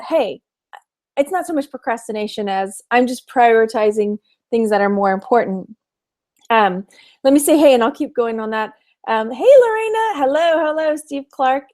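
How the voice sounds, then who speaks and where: Woman from texas doing a chatty livestream, fairly high voice, waves hi to viewers a lot, laughs here and there. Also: a little mellow. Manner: chatty, greets viewers by name, laughs often. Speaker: online reseller and livestream host. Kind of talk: casual livestream chat.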